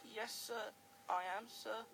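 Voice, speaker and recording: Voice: medium pitch, fairly even intonation, takes it slowly, creaky, a bit bright, a little hiss or hum, pitched above the performer's own voice. Narrator voicing a cheeky little tank engine. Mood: nervous. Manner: cheeky, chanting whiny refrains.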